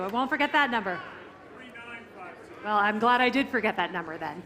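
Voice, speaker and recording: A woman working as an auctioneer, calling bids briskly and teasing the bidders in a live auction room. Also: mid-range voice, expressive, sharp tone.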